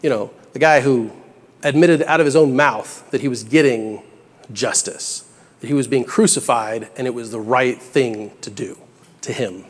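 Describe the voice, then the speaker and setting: The young preacher's medium-pitched voice moves at a moderate pace through an earnest, conversational sermon. Heartfelt and casual, it builds to emphatic bursts on key lines, all carried by a long church-hall reverb.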